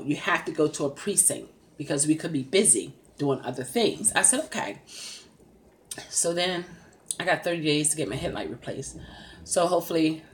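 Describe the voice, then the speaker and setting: A middle-aged woman telling a story in a casual, animated way and laughing as she retells it. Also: deep voice. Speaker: rideshare driver vlogger.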